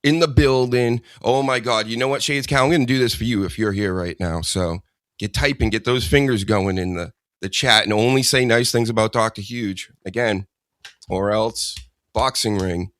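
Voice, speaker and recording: Low-voiced joking male podcast host. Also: normal speed, fairly bright tone, no echo, clean studio sound. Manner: rambling, joking, teasing. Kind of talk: casual comedic chat.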